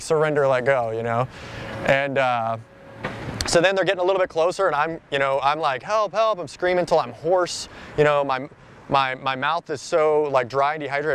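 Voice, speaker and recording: Interviewed outdoors, a man rambles casually through a personal story, sprinkling in plenty of "like" and "you know." His voice is clean, a little bright, and slightly high.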